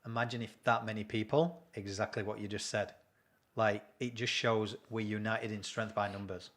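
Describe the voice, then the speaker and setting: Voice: medium pitch, level tone, moderate pace, fairly bright tone. Interviewer with brief encouraging replies. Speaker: host. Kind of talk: casual interview chat.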